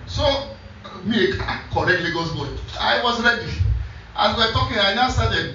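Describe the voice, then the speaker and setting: A man's voice: high voice, animated, normal speed, pushed and bright. Preaching man in an echoey hall. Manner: storytelling, repeating scripture back to the congregation. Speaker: pastor. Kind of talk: sermon. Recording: echoey church hall from a distance, dull sound.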